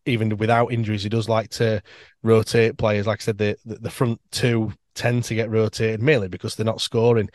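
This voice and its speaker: Chatty low-voiced male podcaster guest. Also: darkish tone, no room sound. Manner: chatty and upbeat, in long rambling runs. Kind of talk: casual interview chat.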